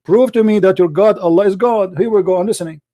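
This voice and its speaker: Combative male call-in host, high and dark in tone, who mocks the caller and hammers the same question. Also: fast talker. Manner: mocking, combative, talks over the caller; repeats his questions insistently. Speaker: debate show host. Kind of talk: heated call-in debate.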